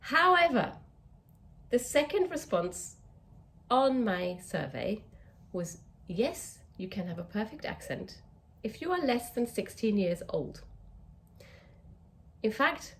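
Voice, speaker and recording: A woman's voice: fairly high pitch, very animated, slow, gravelly, fairly bright tone. A woman with an English accent, a communication coach teaching to camera, stretching out key words for emphasis.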